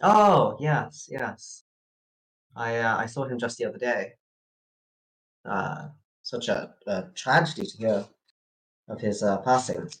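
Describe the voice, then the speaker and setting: A man playing a character in a tabletop game, hesitant and halting, with many uhs. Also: mid-range voice, expressive, low-quality recording. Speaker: player.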